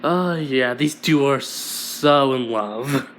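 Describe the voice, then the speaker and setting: A man's voice: mid-range voice, slow, a bit bright, slight background noise. A man voicing an easygoing male villain sidekick who talks offhandedly.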